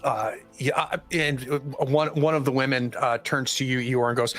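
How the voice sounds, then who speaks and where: A man's voice: mid-range voice, steady tone, normal speed, hardly any pauses, fairly bright tone, soft background music. A man running a tabletop horror game as game master, hesitant and full of ums and restarts.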